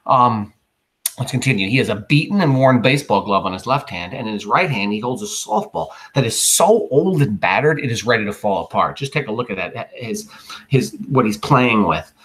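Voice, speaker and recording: Man teacher, play reading with commentary, chatty, lively pitch. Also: normal speed. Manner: chatty, explains with many fillers.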